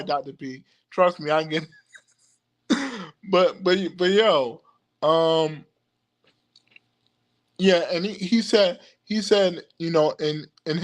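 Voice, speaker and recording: A young man with a notably high voice drifts slowly through a casual livestream chat. He stumbles and restarts his words constantly, and keeps calling out to his viewers. His pace is unhurried and loose. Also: a bit bright. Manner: halting, many restarts and stammered repeats, laughs often; addresses viewers directly as "y'all". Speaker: occult livestream host. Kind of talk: rambling casual livestream talk.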